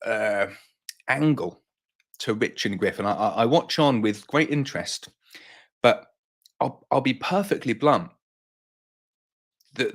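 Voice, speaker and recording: On his live stream, a deep-voiced British man who keeps bees answers questions in a relaxed, chatty way. Slightly winded, he doubles back on words while working through his thoughts.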